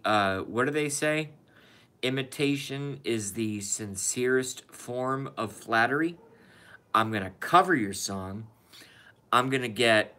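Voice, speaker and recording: A man's voice: medium pitch, pushed and bright. A man streaming a rambling, profane rant in a casual monologue, emphatic and cursing freely.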